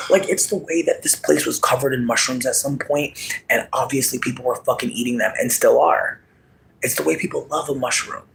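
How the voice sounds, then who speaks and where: A man talks in a loose, rambling monologue, cursing freely and breaking into laughter. His voice sits at a middle pitch and swings from low, muttered asides to sudden loud shouts. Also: vocal fry, rough recording. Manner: animated, swings between murmur and yelling.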